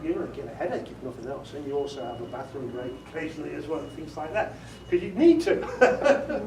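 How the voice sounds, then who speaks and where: With lively intonation and a fairly quick pace, a man with a fairly high, slightly mellow voice gives an informal workshop talk on audiobook narration. He chats, laughs often at himself, and demonstrates inflections for a group in a meeting room. The recording is echoey and taken from far away.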